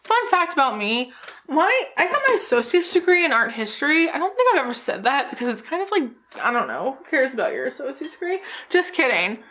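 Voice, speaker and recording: A woman's voice: sits high, big pitch swings, brisk, pushed and bright. Tipsy, giggly woman vlogging makeup. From New Jersey, USA. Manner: rambling, giggly, swears freely. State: tipsy from drinking. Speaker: makeup YouTuber. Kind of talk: casual vlog chat.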